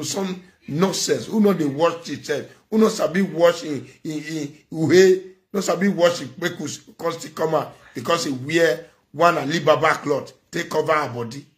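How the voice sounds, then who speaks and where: A man's voice: fairly high pitch, moderate pace. A middle-aged man with a Nigerian accent, giving a preachy, scolding monologue as a social media commentator. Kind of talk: impassioned monologue.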